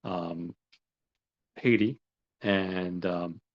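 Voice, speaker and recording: Low-voiced man rambling through a plot recap. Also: fairly even intonation, extremely slow. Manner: rambling, lots of "he's like" quoting. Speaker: podcast host. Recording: dull lo-fi recording.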